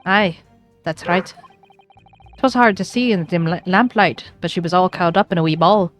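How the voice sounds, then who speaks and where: A woman voicing a chatty, rambling Irish gentleman witness in a put-on Irish accent, full of folksy phrases, over faint game music. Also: fairly low pitch, normal speed, natural voice. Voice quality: lilting, folksy turns of phrase.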